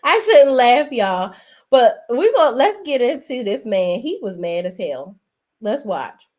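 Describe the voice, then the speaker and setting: A woman's voice: a little high, sing-song, a little slow, a little mellow. A woman hosting a casual livestream, chatting in a sassy, talkative way and calling her viewers "y'all". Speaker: livestream host.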